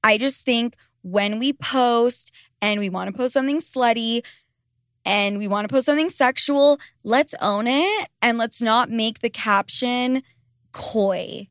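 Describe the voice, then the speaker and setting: Bright-voiced blunt young woman. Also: fairly high pitch, measured pace, dry recording, studio quality. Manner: blunt, profane, animated storytelling. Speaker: podcast co-host. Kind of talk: frank casual chat.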